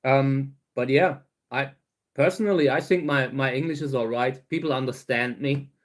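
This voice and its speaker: A man's voice: mid-range voice, moderate pace. A middle-aged man from Germany's Saarland with a thick German accent, talking casually to his viewers with many fillers and restarts. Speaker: cactus grower and channel host. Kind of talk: casual talk to camera.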